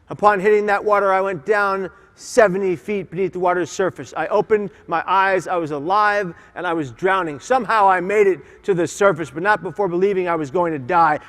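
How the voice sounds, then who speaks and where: A man's voice: high voice, a bit bright. A man giving an impassioned, emphatic motivational keynote speech, having the audience repeat lines after him, in a large conference hall. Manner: impassioned, emphatic, leads audience call-and-response. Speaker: keynote speaker. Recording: long hall reverb from conference hall.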